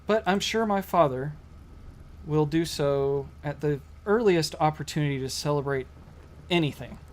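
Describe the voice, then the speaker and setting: A man voicing a demon disguised as a nobleman, speaking in a sly, measured way. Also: on the high side, close to an everyday voice.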